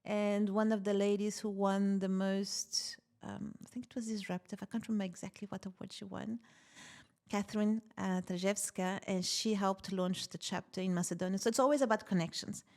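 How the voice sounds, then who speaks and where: Lively woman telling a story. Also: mid-range voice, normal speed. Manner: animated, laughs often while telling stories. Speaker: podcast guest, tech founder. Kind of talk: casual interview storytelling.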